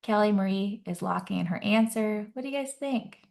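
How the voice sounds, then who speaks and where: A woman's voice: medium pitch, a little fast, creaky, darkish tone. A woman nurse practitioner teaching a live exam-prep webinar, upbeat and quizzing the audience, often checking in with "right?".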